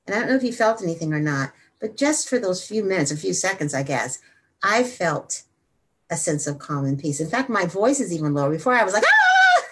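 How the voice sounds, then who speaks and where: A woman hosting a wellness show, talking energetically and then slowing down to guide a simple meditation. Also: fairly low pitch, expressive, background noise. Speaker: wellness host.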